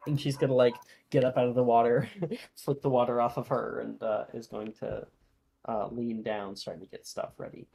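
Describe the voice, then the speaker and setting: A game master narrating a tabletop role-playing game, halting and filled with ums, uhs and likes. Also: medium pitch, little pitch movement, gravelly, dark tone, low-quality recording.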